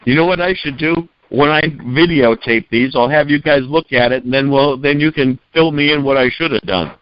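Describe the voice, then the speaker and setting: A male guest in a casual talk-radio chat, telling animated anecdotes over dull lo-fi audio. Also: fairly high pitch, moderate pace, smooth, no room sound.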